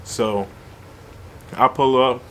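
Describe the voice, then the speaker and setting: A man with a mid-range voice tells a story in a casual, slangy way. He keeps it lively and conversational. Faint background noise sits under his voice. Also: medium pitch, drawn-out words. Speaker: vlogger.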